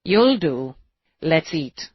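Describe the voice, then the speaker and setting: A woman narrator voicing a calm, wry, protective husband who teases gently, in a dull, dry recording. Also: low voice, drawn-out words, slightly rough, no echo, heavily acted.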